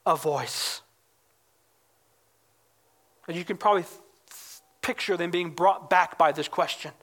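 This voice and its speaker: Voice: medium pitch, bright, forceful tone. A pastor preaching a sermon in an emphatic way, often calling the listeners "guys" and acting out the quoted questions in a raised voice.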